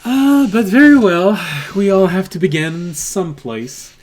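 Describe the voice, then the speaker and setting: A man voicing a sly male tavern keeper who makes a smooth sales pitch for shady goods. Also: sing-song, measured pace, a little hiss or hum. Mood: amused. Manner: chuckling, smooth salesman patter.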